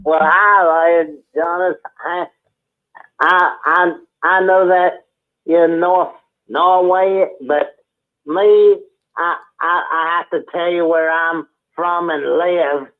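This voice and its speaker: A man from Texas, calling in and speaking in a halting, stammering, earnest way. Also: on the high side, fairly even intonation. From Texas, USA. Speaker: caller. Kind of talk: phone-in call. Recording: tinny phone line.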